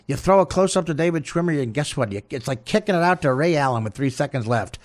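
A comedian hosting a show, delivering a crude, rambling, absurd comic rant. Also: male voice, a little high, animated, quick pace, hardly any pauses, darkish tone. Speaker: comedian host.

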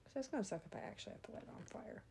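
A young woman giving casual gameplay commentary, excitable and swinging between quiet muttering and loud outbursts. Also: fairly high pitch, rapid-fire, vocal fry, a little hiss or hum. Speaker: gaming video creator.

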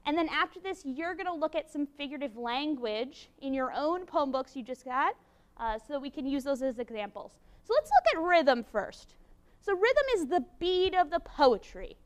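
A woman teaching a college class, lively and encouraging, with a playful manner. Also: sits high, normal speed. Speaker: university lecturer. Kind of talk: classroom lecture.

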